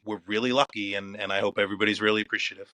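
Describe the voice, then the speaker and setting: A man's voice: on the low side, steady tone, very fast, sharp tone, no room sound. A man from Philadelphia, a guest on a podcast, talking earnestly and gratefully in a casual interview. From Philadelphia, United States. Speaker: league scheduling executive, guest.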